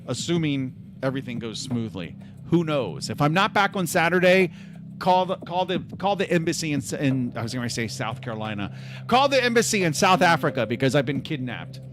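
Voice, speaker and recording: Joking, rambling male streamer. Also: mid-range voice. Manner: rambling, joking, self-deprecating. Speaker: livestream host. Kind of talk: casual livestream chat.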